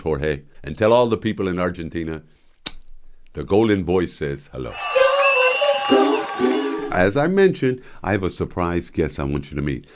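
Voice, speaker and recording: An older man hosting his own show, telling stories casually, laughing often and acting out voices from his stories. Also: sits low. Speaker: show host. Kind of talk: casual storytelling monologue.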